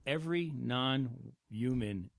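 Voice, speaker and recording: Male podcast co-host, sardonic and blunt, mid pitch, dry recording. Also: slow pace, creaky, dry recording. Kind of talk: casual movie review chat.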